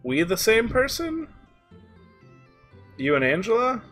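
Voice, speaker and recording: A man voicing a playful, imaginative teenage girl in a video game, high and excited as she plays pretend. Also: takes it slowly, soft background music, full character voice.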